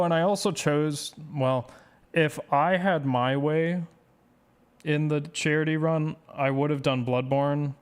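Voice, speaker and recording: A man's voice: mid-range voice, clean tone. A man speedrun streamer chatting casually with his viewers, rambling and self-deprecating as he reads chat aloud.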